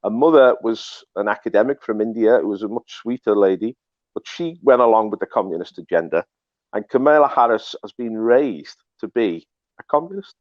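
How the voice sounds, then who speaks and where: Talking fast and with lively intonation, a political commentary host hammers his points, repeating himself and frequently starting over. His pitch is fairly low, and the dull, lo-fi recording is dry with no echo.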